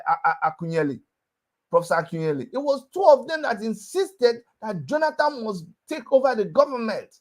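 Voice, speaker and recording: Impassioned man, high voice. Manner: impassioned, rhetorical questions, hammering repetition. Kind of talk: heated political talk show.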